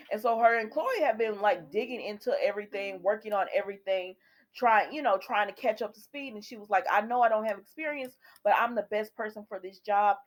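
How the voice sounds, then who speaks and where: A woman recapping a soap opera episode for her viewers in a chatty way, retelling the scenes and quoting what the characters say. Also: mid-range voice. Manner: talks directly to viewers.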